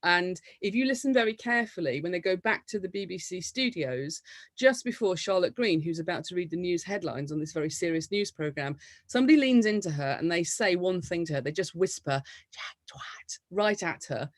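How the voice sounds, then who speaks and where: A woman from the United Kingdom giving an academic lecture, explaining things in a lively way. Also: fairly low pitch, fairly quick, no room sound.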